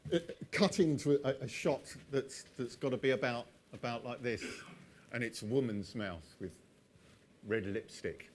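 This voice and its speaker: A man's voice: mid-range voice, moderate pace, a little mellow, a little hiss or hum. A man telling an old myth, drifting into chatty asides and laughing often at his own jokes. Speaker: storyteller. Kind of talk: oral storytelling with chatty asides.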